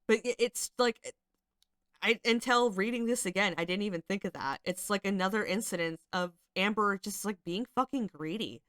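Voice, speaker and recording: A woman's voice: mid-range voice, normal speed, fairly bright tone, dry recording, studio quality. A woman hosting casual commentary, reading out screenshots and reacting, chatty and swearing freely with many fillers. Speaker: commentary channel host.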